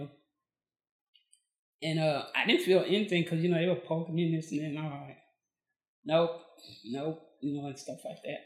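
A Texan woman with a low voice tells her story as a podcast guest, chatting casually and acting out what people said. She's lively, and the recording is reverberant.

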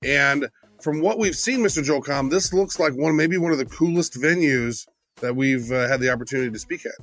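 A man co-hosts a podcast in an easygoing, chatty way. His voice is of medium pitch. Faint music plays quietly behind him. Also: fairly quick. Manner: easygoing, chatty, laughs often. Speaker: podcast co-host. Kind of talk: casual podcast chat.

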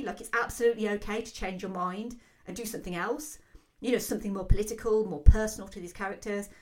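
Fast-talking woman, film commentary. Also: mid-range voice. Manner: fast, excitable talker with many fillers. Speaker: film podcast host.

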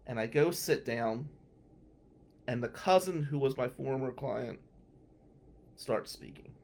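Guy telling a story, mid-pitched voice, goes from whispery asides to yelling bits. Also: takes it slowly. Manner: animated, swings from hushed asides to loud outbursts. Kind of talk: first-person anecdote.

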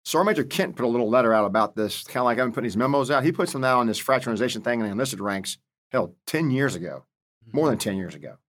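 A senior Marine leader in his fifties is interviewed as a guest, telling stories bluntly and animatedly with salty language. His medium-pitched voice comes out rapid-fire.

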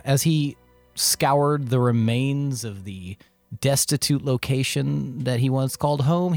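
A man's voice: medium pitch, a little mellow, no room sound. A man narrating a recap as game master of a tabletop game, laughing now and then. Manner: laughs through his narration.

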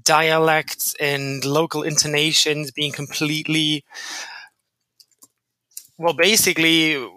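Bright-voiced man, wry. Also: a little high, flat delivery, takes it slowly, long pauses, dry recording, low-quality recording. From Bavaria, Germany. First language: German. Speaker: podcast co-host. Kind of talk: casual discussion.

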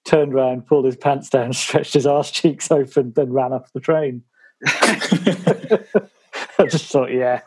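A man's voice: medium pitch, slow, long pauses, breathy edge. A man co-hosting a casual football podcast, telling anecdotes with frequent laughter. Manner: laughs through his anecdotes. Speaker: podcast co-host.

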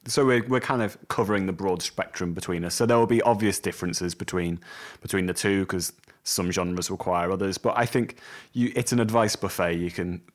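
Deep-voiced easygoing podcast man. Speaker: podcast co-host. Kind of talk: casual chat.

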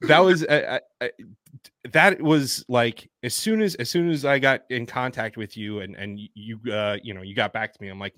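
A man hosting a casual chat, talking haltingly and eagerly, like a fan. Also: medium pitch, a bit bright, dry recording, clean studio sound. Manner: halting, many fillers and restarts, fan-like. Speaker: podcast host.

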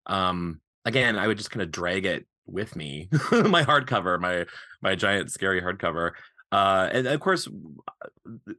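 A man from Eastern Montana, a podcast guest and author, chatting casually and animatedly, laughing often and talking in quick bursts. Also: low voice, expressive, bright, forceful tone, dry recording, studio quality.

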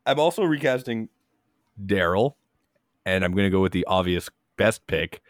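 A man co-hosting a casual movie podcast. His pitch swings in a lively way and he keeps a playful, jokey tone. The recording is close and dry. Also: normal speed, no echo. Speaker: podcast co-host.

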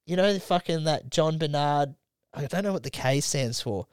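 Young Aussie bloke, podcast co-host, storyteller, a bit high-pitched, dry close mic. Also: male voice, moderate pace, darkish tone, clear, resonant tone, no echo. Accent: Australian. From Australia. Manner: swears freely, acts out friends in quoted dialogue. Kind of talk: casual storytelling chat.

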